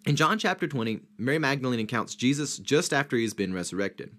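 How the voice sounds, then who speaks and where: A man leading a Bible study discussion. He teaches in a structured way, lays out numbered points and rhetorical questions, and leans hard on key words. His voice sits at a middle pitch. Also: very animated, fast talker, a bit bright.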